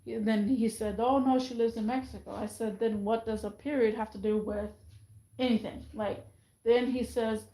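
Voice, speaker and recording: A woman vlogging in a casual, rambling monologue, chatty and animated, often mimicking other people's voices. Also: a little high, moderate pace, reverberant, low-quality recording.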